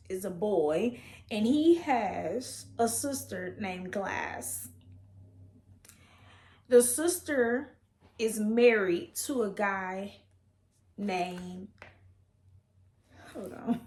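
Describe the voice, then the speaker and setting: A woman's voice: medium pitch, a little mellow. A young woman, chatting playfully about a book she is reading and reacting with laughter. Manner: playful, laughing, reads passages aloud with reactions. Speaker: book vlogger. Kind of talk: casual reading vlog chat. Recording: echoey room with faint ambient noise.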